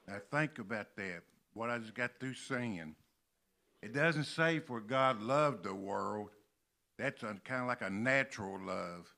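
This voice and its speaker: An older man from Kentucky preaching a sermon in a church, slowly stressing and repeating key words. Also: fairly low pitch, gravelly, sharp tone. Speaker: pastor. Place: church sanctuary.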